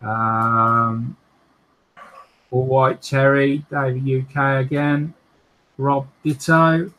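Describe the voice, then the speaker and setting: A man hosts a relaxed livestream, taking his time as he reads out viewer comments. His talk is full of fillers and small restarts, and he often breaks into laughter. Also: mid-range voice, very slow, poor audio. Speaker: host of a modelling livestream. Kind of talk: casual chat, reading out viewer comments.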